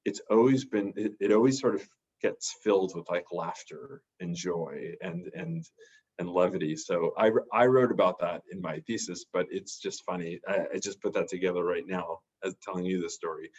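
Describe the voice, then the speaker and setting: A man's voice: sits low, moderate pace, a little mellow, slightly rough, muffled recording. A man, a therapist, telling a personal story in a casual, rambling way with many restarts. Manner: rambling, full of restarts and fillers. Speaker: podcast guest, therapist.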